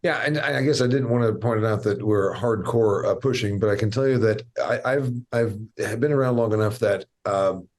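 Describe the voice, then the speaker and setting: A man's voice: lowish voice, normal speed, few pauses, darkish tone. A man hosting a podcast interview, talking in a folksy, blunt way with frequent restarts. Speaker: podcast host.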